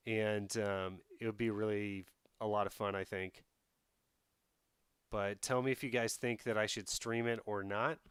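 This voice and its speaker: A man's voice: on the low side, steady tone, unhurried, fairly bright tone, smooth, no echo, studio quality. A man streaming a strategy game, thinking aloud and chatting with his viewers in a casual way. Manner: thinks aloud, talks to chat. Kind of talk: casual live-stream commentary while playing a strategy game.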